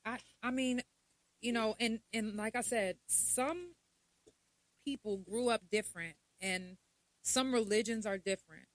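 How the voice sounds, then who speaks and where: Woman podcast host, young adult, blunt and profane, animated, fairly high pitch. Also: unhurried, no echo. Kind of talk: casual monologue.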